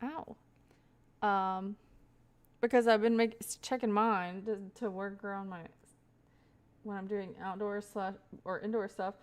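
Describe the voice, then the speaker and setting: A woman's voice: medium pitch, little pitch movement, measured pace, long pauses, clean tone. A young woman livestreaming, rambling casually to her chat with frequent laughs. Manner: chatty, rambling, laughs often, talks to chat.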